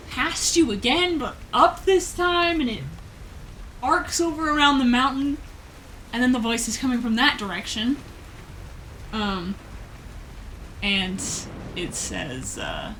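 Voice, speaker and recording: A woman runs a tabletop game as game master, narrating scenes in a relaxed, laid-back way. She talks slowly and fills her pauses with "um" and "like". A faint hiss sits behind her voice. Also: high voice, low-quality recording. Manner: relaxed, laughing, many fillers.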